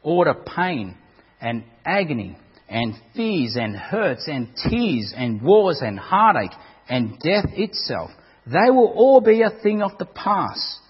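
A man's voice: a little high, very animated, slow pace, breathy edge. A man preaching a sermon in a dramatic way, often repeating words as he goes. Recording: dull recording with long hall reverb.

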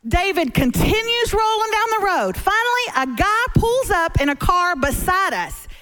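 Lively high-voiced woman preaching. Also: normal speed, faint music behind. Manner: animated, humorous storytelling preacher. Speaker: guest speaker. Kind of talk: sermon. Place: church stage before a congregation.

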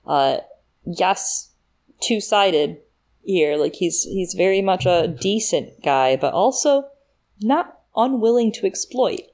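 A woman's voice: fairly low pitch, expressive, slow, darkish tone. A woman in casual podcast chat, thinking aloud as she walks through details. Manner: thinks aloud, breaks down details with fillers and laughs. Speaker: podcast co-host.

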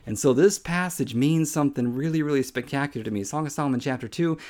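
A man's voice: on the high side, quick pace, darkish tone. A man in his thirties giving an informal podcast sermon, earnest and conversational, often saying "man" and repeating himself. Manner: earnest, conversational, says "man" often, with repetitions and little laughs. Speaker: podcast Bible teacher.

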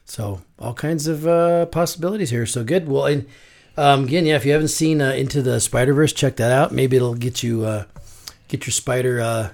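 A man's voice: medium pitch, moderate pace, vocal fry, a little mellow. A man hosting a casual podcast chat, rambling with many fillers. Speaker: podcast host.

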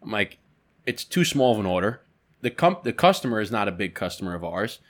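A man's voice: on the low side, big pitch swings, a little fast. A man on a podcast telling a story about work in a casual, profane way. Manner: casual and profane, with lots of fillers. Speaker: podcast co-host.

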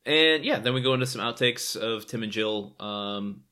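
A man's voice: on the low side, moderate pace, pushed and bright. A man co-hosting a podcast, casually walking through a sitcom episode and steering the conversation in an easygoing way. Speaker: podcast co-host. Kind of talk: casual chat recapping a sitcom.

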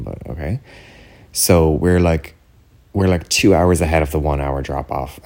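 Talking casually on his own podcast, this Irish man has an extremely deep, darkish voice. He rambles through his solo chat, dropping "like" into most sentences and checking in with "do you know what I mean".

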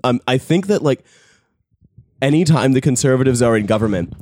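A man hosting a podcast, riffing with wry, fast jokes in casual chat. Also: mid-range voice, expressive, a little mellow, dry recording, clean studio sound. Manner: wry, fast, joking riffs. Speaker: podcast host.

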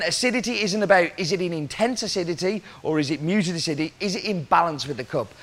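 A man's voice: fairly high pitch, a bit bright. A man working as a coffee roaster, explaining cupping scores and roasting, talking through questions aloud as he goes.

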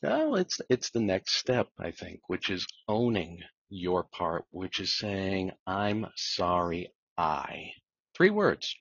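Low husky-voiced man, measured. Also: wildly swooping pitch, a bit bright, no echo. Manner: measured, thoughtful, repeats words when restarting. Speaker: divorce mediator. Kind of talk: podcast interview. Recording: dull lo-fi dry sound.

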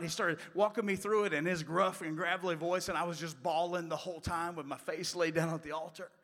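A man preaching a sermon, telling stories in a folksy way and moving from loud passages to hushed ones. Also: fairly high pitch, steady tone, quick pace, few pauses. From West Virginia. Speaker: pastor. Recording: long hall reverb.

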